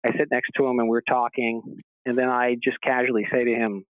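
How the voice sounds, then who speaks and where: A man's voice: mid-range voice, little pitch movement, brisk, dry recording. A man telling a long rambling story as a guest on a radio show, stammering through restarts and acting out the people he quotes. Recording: dry phone-line sound.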